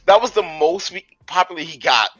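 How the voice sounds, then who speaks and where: A man co-hosting a podcast, chatting casually with lively, wry commentary. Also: fairly high pitch, brisk, highs cut off, crowd noise. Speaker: podcast co-host. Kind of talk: casual chat.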